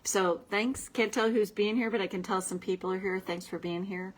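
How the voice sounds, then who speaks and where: A woman hosting a casual self-help coaching livestream, speaking in a soothing way and sometimes dropping to a gentle whisper. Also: mid-range voice, fairly even intonation, normal speed, low-quality recording. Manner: talks casually and drops at times into a soft, soothing whisper.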